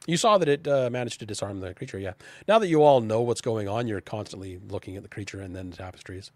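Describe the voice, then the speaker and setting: A man's voice: on the low side, animated, fast, a little mellow, no echo. Man running a pirate tabletop game. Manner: casual, chatty, laughs often, frequent restarts. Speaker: game master.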